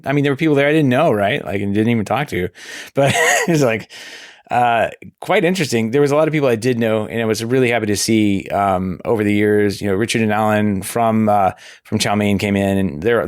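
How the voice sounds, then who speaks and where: A somewhat low-voiced man hosting a laid-back podcast from his desk at home, his voice still hoarse and only half recovered. He rambles and restarts his sentences, laughing along the way. The sound is close and dry, with no room around it. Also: a little fast, dry recording. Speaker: podcast host. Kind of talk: casual podcast chat.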